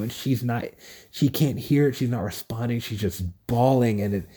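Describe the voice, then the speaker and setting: A young man alone at home, recording a casual solo rant on his phone, rambling excitedly and swearing often. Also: mid-range voice, normal speed, breathy edge. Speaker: podcast host. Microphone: phone recording app.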